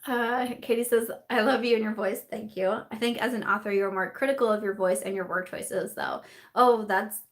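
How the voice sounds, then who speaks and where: A woman's voice: mid-range voice, fairly even intonation, moderate pace. A young woman hosting a casual live-stream chat, bubbly and giggly, full of fillers and laughter as she reads viewer comments.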